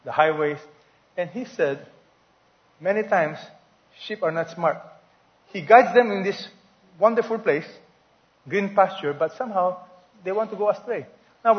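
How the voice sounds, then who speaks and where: Male pastor, high voice, sermon, questions to congregation, dull muffled recording. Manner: preacher asking the congregation questions, stretching key words.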